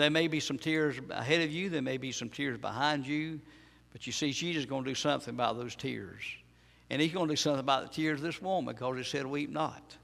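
A man's voice: mid-range voice, creaky, fairly bright tone, long reverb tail. A man preaching a sermon in a church, emphatic and repetitive, asking his listeners questions. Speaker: pastor.

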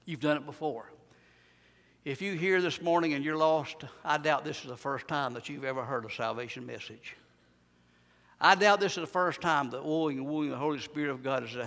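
A man preaching a fervent revival sermon in a church, rising loud and dropping to a hush. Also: on the high side, normal speed, long reverb tail. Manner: fervent, swings from loud to hushed. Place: church sanctuary.

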